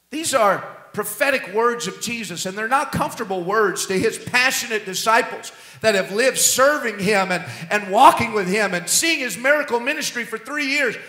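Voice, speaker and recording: A male senior pastor preaching a sermon, animated and emphatic, swinging between loud bursts and quiet asides. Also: sits high, normal speed, reverberant.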